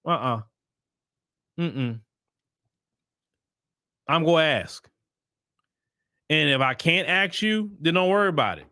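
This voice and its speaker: A man's voice: on the high side, big pitch swings, normal speed, long pauses, pushed and bright, clear, resonant tone, no echo, clean studio sound. A man hosting a solo political commentary show, talking emphatically and firing off repeated rhetorical questions, with sarcastic asides while browsing websites on screen.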